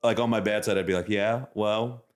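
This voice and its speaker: A man's voice: lowish voice, steady tone, rapid-fire. A man in his thirties from Texas, a podcast guest telling dry, self-mocking stories with frequent laughs. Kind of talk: casual chat.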